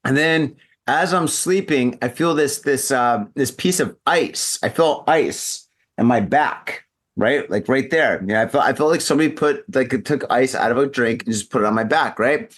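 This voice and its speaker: A man's voice: medium pitch, normal speed, a bit bright. A man hosting a podcast, drunk and telling a rambling, profane story in casual chat. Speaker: podcast host. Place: in Japan.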